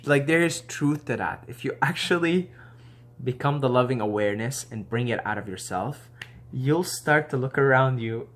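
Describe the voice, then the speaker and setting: A man's voice: mid-range voice, fairly bright tone. A man talking casually to the camera, laid-back and rambling with slangy asides and frequent laughter. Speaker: video host.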